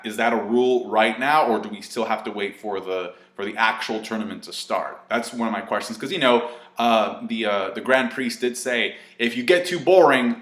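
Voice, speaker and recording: A man with a fairly low voice talks through an anime episode in a loose, rambling way. He swears casually and keeps dropping fillers and side remarks. The sound is roomy, with a noticeable echo. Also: a bit bright. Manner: chatty, profane, full of fillers and asides. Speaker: anime reviewer. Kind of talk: casual video review. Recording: echoey room.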